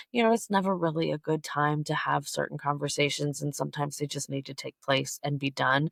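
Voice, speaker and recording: A middle-aged woman talks straight to her listeners in a candid, blunt, conversational way, as a podcast host on personal growth. Her voice has a gravelly fry to it, and it sounds dry and close. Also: dry recording. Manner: candid, blunt and conversational, acting out quoted people in a higher voice. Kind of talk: solo personal growth talk.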